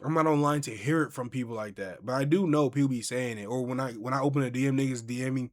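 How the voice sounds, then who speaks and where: Animated man telling stories in casual chat. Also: medium pitch, fast, few pauses. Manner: animated storyteller, acts out quotes. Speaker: podcast host.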